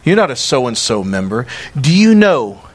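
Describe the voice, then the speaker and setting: A man preaching a sermon as a pastor, animated and emphatic, acting out quoted dialogue. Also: mid-range voice, normal speed.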